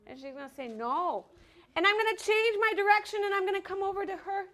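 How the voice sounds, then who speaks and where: In a classroom, a high-voiced woman teaching dance to children keeps up a rapid-fire patter. Full of lively energy, she urges the kids on and calls out the counts of the rhythm.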